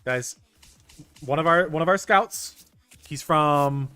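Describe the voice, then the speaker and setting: A young man streaming a baseball management game, chatting casually with his viewers, excitable and stumbling over restarts. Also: fairly high pitch, slow pace, clean tone, no room sound. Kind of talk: casual gameplay commentary talking to chat. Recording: dry close mic with faint game music.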